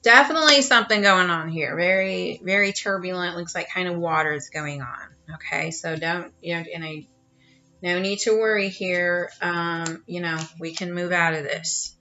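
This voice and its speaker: A woman's voice: fairly low pitch, normal speed, sharp tone. Chatty woman giving a rambling tarot reading. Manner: rambling, chatty, many fillers and restarts. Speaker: tarot card reader. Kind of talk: casual tarot reading at home. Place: her home. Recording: dull lo-fi sound.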